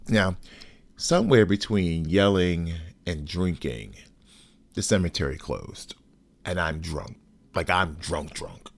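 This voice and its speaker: Deep-voiced man telling a personal story. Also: lively intonation, creaky. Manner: measured, deliberate retelling with blunt cursing. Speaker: podcast host.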